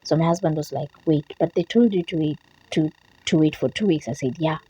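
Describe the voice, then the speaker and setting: A woman vlogger who has just woken up, telling a story to camera in a chatty, animated way. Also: deep voice, fairly quick, a little hiss or hum, low-quality recording. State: just woke up. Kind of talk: casual vlog talk to camera.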